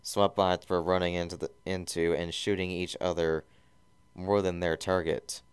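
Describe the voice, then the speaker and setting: A man's voice: low voice, little pitch movement, normal speed, clear, resonant tone, dry recording. A man giving a mock-serious comedic reading of a fan fiction, often stumbling and correcting himself.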